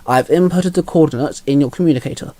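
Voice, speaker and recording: A man voicing a young woman who runs the team's computer, in a fanfiction reading, brisk and informative. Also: fairly high pitch, dark tone, dry recording, close to an everyday voice. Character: young female computer helper. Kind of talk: fanfiction read aloud.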